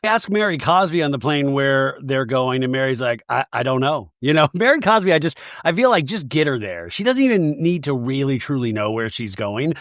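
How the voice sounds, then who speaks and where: A man hosting a podcast, recapping a reality show in a jokey, animated way and slipping into quick mock voices. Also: medium pitch, no room sound, studio quality. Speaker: podcast host.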